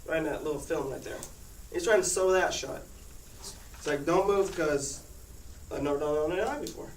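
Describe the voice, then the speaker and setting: Talking at an ordinary speed in a slightly high male voice, a teenage boy shares a rambling anecdote with his classmates and laughs often. The room echoes, the mic is far away, and there's plenty of noise.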